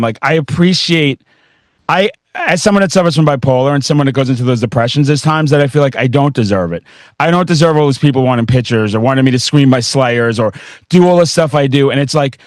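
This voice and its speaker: A man hosting a podcast, chatting casually and excitedly with a rambling flow. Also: medium pitch, no room sound, studio quality. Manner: excitable, rambling, with bursts of laughter. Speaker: podcast host. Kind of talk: casual interview chat.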